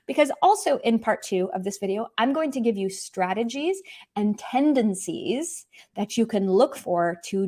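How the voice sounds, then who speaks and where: A young woman teaching a language lesson online, animated and emphatic, often repeating her key points. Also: mid-range voice.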